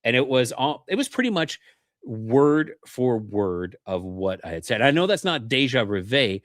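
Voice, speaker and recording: A man from Canada speaks as a podcast guest, telling a long personal story in an earnest, casual way and voicing the people in it as he goes. His pitch sits in an ordinary middle range for a man. The sound is dry and close, with almost no room echo. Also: big pitch swings, normal speed, fairly bright tone. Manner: earnest storyteller who acts out remembered dialogue.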